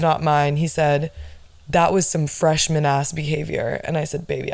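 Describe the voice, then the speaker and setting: A woman with a lowish voice, captured dry on a phone with a pop filter, hosts a casual podcast. She tells a story in a chatty, profane way, filled with "like".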